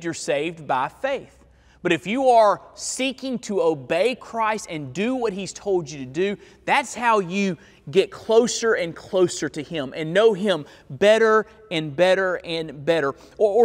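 A male pastor preaching a sermon in a church, stressing key words and stretching them out slowly. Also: sits high. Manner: emphatic preaching with slow, drawn-out key words. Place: church sanctuary. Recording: long hall reverb.

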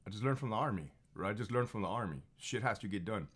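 A fired-up man in his thirties tells his stories in a blunt, profane monologue. He repeats phrases for emphasis. His pitch swings widely as he gets confrontational. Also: animated, fast talker, few pauses, breathy edge. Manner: heated and confrontational. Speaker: former prison officer telling stories. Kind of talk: casual monologue storytelling.

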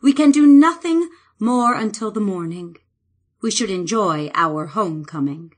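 A woman voicing a confident, loving young male king in an audiobook, steady and assured. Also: mid-range voice, measured pace.

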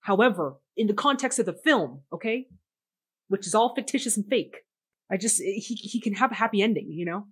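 A woman's voice: mid-range voice, lively intonation, brisk, husky. A young woman hosting a movie reaction, chatting casually and exclaiming at the film.

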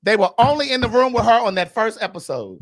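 A woman's voice: a little high, quick pace. A woman hosting a podcast, giving blunt, profane pop-culture commentary in a casual, emphatic way. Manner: blunt, outspoken, profane gossip; animated and emphatic. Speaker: podcast host.

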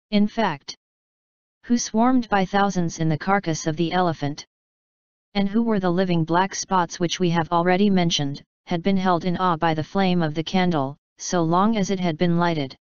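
A woman narrating a classic novel as an audiobook in a measured storytelling manner. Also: fairly low pitch, steady tone, clear, resonant tone, no room sound. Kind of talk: scripted narration. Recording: slightly dull, dry recording.

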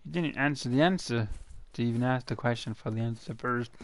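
A man's voice: medium pitch, fairly bright tone, a little hiss or hum. A man chatting to himself over gameplay, rambling and answering his own questions in silly voices. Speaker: gaming channel host. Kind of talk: casual gameplay commentary.

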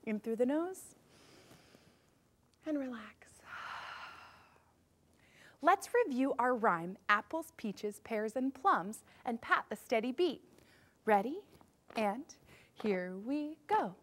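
A woman music teacher leading a children's music lesson, upbeat as she guides the class through movement warm-ups. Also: a little high, expressive, slow, pauses often.

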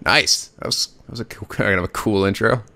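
A man's voice: on the low side, brisk, creaky, bright, forceful tone. A man hosting a let's play, rambling casually with frequent restarts and self-corrections. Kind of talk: gameplay commentary.

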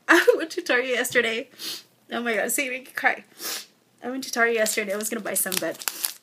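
A woman's voice: a little high, fairly quick, pauses often, pushed and bright, husky. Gushing young woman unboxing gifts. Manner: gushing, effusive, often near tears. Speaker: vlogger. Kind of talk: casual unboxing vlog. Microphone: phone or camera mic.

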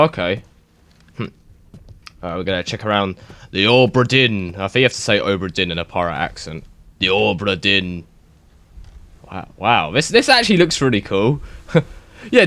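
A young man giving excitable, rambling let's-play commentary, swearing and thinking aloud as he plays. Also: lowish voice, no room sound. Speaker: gaming YouTuber.

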